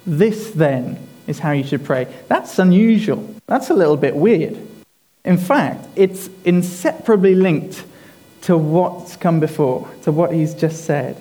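Male preacher, sermon, slightly high but mellow voice, slow and emphatic. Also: animated, low-quality recording. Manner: deliberate, emphatic, repeats key phrases.

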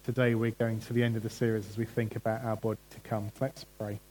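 A man's voice: on the low side, level tone, quick pace, warm tone, rough recording. A man preaching a conversational sermon and putting questions to the congregation. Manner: chatty, asks the congregation questions.

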